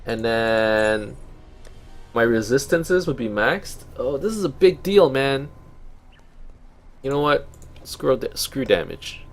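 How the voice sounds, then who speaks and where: A man's voice: mid-range voice, expressive, takes it slowly, long pauses, faint music behind. A young Canadian man with a Canadian accent, chatting casually while playing a game and thinking aloud. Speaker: let's play host. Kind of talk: casual gameplay commentary.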